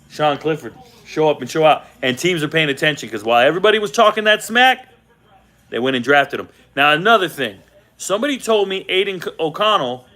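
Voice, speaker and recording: Away from his normal setup and microphone, a man hosts a laid-back football draft reaction stream from a hotel room. His voice is a little high, and he speaks animatedly, repeating points to drive them home.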